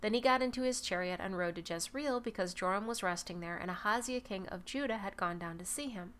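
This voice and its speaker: A woman reading a Bible passage aloud at a measured pace, now and then correcting a slipped word. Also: medium pitch, a bit bright. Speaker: Bible reader. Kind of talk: scripture reading.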